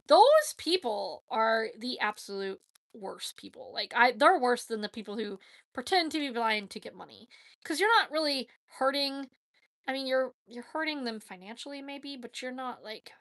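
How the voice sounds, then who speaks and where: Woman talkin straight on a live stream, blunt n opinionated, raspy-gravelly, dry close sound. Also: a little high, a bit bright, no echo. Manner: frank, with frequent fillers and self-corrections. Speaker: vlogger answering viewer questions. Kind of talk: casual live chat.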